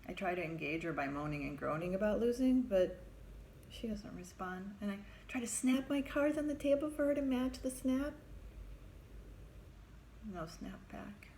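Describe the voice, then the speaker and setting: A therapist telling a personal story in a vivid, conversational way, acting out the voices of the people in it. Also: female voice, medium pitch, a little mellow, a little hiss or hum.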